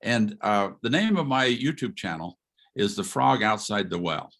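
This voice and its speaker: Speaking in a lowish voice at an ordinary pace, an older man who once taught history lectures informally over video call. He stays animated throughout, tossing out rhetorical questions and chuckling as he goes.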